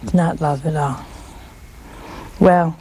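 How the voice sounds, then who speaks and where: A woman religious teacher delivers a folksy sermon, chatty and teasing, peppered with rhetorical questions for her listeners. Her voice is low, steady, slow, and mellow, with slight background noise.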